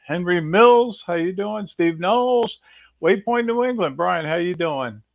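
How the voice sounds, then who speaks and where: A man's voice: high-pitched, animated, a little slow, creaky, narrow, tinny audio. A man co-hosting a livestream, greeting viewers one after another in an upbeat way. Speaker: co-host. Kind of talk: casual livestream chat.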